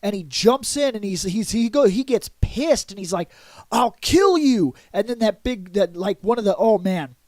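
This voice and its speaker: A man vlogging a casual comic book review in an excitable way, adding sound effects and acting out lines. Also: high-pitched, moderate pace, few pauses, no room sound. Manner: excitable, adds sound effects and acts out quotes.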